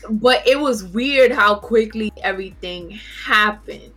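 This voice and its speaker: A woman telling an animated, laughing story in casual chat among friends. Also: mid-range voice, unhurried.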